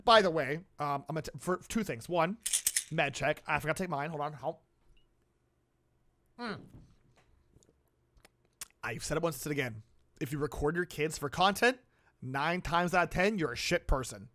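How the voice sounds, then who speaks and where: A man hosting a casual reaction video who talks in an excitable, rambling way. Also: fairly high pitch, normal speed, pauses often. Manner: excitable and rambling, with frequent outbursts.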